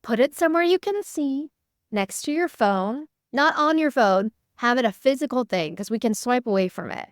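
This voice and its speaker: A young woman talks frankly and casually, peppering her sentences with "like." Her voice sits a little high and comes across smooth and clean. The sound is dry and close, as on a video call. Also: animated, normal speed, dry recording. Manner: chatty, candid, many "like" fillers. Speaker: workshop host. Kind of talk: casual workshop talk.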